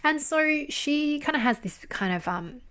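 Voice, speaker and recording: A woman chatting casually as she reviews a drama. She talks in a candid, animated way and swears freely. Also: high-pitched, measured pace. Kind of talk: casual chat.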